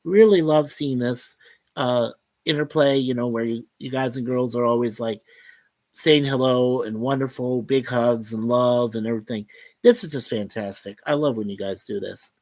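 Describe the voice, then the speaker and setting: A man's voice: mid-range voice, moderate pace, a little mellow, no echo. A man hosting a casual livestream, chatting upbeat and reading out viewers' chat messages. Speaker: livestream host.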